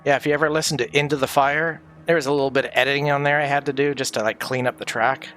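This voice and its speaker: A man on a livestream casually telling stories from his audio engineering days, animated and profane, laughing often. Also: mid-range voice, fast, faint music behind.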